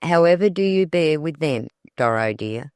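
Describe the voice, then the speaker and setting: A narrator reading the part of Mrs White, a motherly aunt who fusses gently. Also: medium pitch, expressive, normal speed, clean tone, no echo, studio quality, close to an everyday voice. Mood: fussing.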